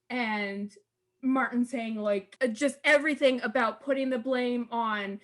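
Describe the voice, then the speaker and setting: A woman with a fairly high voice co-hosts a fan podcast. She speaks emphatically, racing through long points and breaking into laughter. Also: slow, fairly bright tone. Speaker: podcast co-host. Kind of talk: casual fan discussion.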